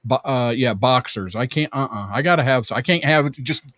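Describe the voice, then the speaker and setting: Older man, co-host, halting speech, many fillers, dry close mic. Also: mid-range voice, fairly bright tone, dry recording. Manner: halting, lots of fillers and restarts. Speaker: co-host reading chat. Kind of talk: casual live-stream chat.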